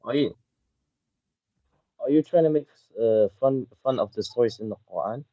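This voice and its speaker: A man's voice: medium pitch, normal speed, dull audio. A man calling in to a debate, earnest and defensive as he pushes back. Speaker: caller.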